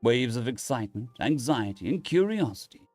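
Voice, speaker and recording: A man's voice: mid-range voice, moderate pace, no room sound. Guy reading space stories, voice all over the place, dry close mic, faint music. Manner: lively, animated reading with restarts. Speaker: story narrator. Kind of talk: reading internet stories aloud.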